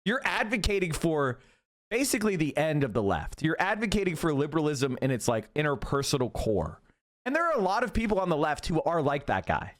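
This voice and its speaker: A man's voice: a little high, very animated, brisk. A man in his thirties hosting a stream, ranting through heated, profane political commentary. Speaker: streamer host.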